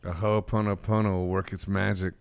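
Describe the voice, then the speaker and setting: A man's voice: low-pitched, level tone, brisk, vocal fry, no room sound. A man hosting a podcast, chatting casually with laid-back, short, friendly replies. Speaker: podcast host. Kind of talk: casual interview chat.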